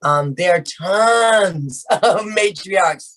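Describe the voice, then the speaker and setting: A woman's voice: medium pitch, very slow, poor audio. An older woman, a grandmother figure, hosting a casual group video call and asking questions with affectionate, familiar talk. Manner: warm-hearted, calls people baby and darling. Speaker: host and film matriarch.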